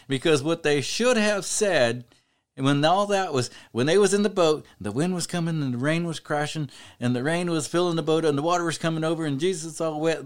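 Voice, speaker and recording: A man with a fairly high voice teaches from scripture in a loose, conversational way. He leans on fillers and restarts, then works himself up into emphatic, preacher-like declarations. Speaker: Bible teacher. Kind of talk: informal Bible study talk.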